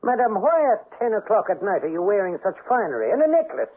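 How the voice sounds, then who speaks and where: A man playing a suspicious, blustering aristocratic husband in a radio drama, with a raspy voice and a theatrical, demanding manner. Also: sits high, huge pitch swings, quick pace, heavily acted. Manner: theatrical, demanding, sharp questions. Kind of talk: 1970s-80s radio drama acting. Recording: tinny old radio broadcast.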